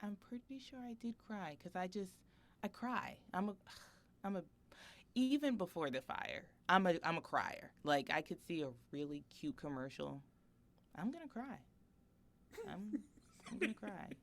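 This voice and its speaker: A woman in her thirties co-hosting a podcast, telling a personal story in a chatty, animated way with frequent laughter. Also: on the low side, moderate pace. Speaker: podcast co-host. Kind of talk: casual podcast chat.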